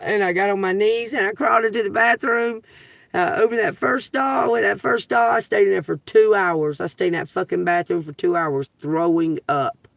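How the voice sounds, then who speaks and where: Middle-aged Southern woman with a gravelly fry and a dry sound, off-mic, cussing live-stream storyteller. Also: medium pitch, normal speed, no room sound, distant mic. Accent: Southern US (Georgia). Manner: profane, animated, laughs through the story. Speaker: live-stream tarot reader. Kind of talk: rambling casual storytelling.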